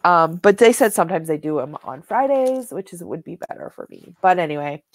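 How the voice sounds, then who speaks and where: A woman's voice: fairly low pitch, expressive, a little fast, dry recording. A woman co-hosting a knitting show, chatting casually and showing yarn and fabric to the camera, rambling with many "like"s and "um"s.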